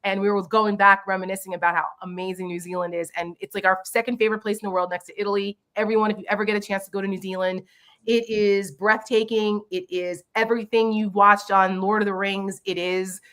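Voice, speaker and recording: A woman in her forties co-hosting a casual chat show, blunt and animated, swearing freely. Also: medium pitch, fast talker. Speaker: co-host of a live chat show.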